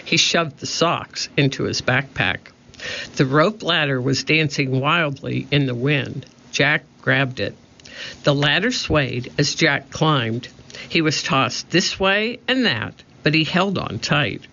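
Man, children's storybook narrator, slow, bright, muffled. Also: a little high, gravelly. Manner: steady, expressive reading. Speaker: audiobook narrator. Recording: muffled lo-fi audio.

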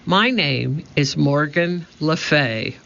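Morgan: a man doing a calm old enchantress. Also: a little high, gravelly, exaggerated voice. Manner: calm, measured. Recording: muffled lo-fi audio.

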